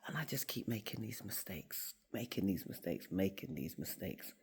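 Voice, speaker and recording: A woman's voice: rumbling low, normal speed, creaky, slight background noise. A woman in her office, telling a story in a casual motivational talk to camera and acting out the voices of the people in it. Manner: animated storytelling, acts out quoted voices. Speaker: school staff member and faith vlogger.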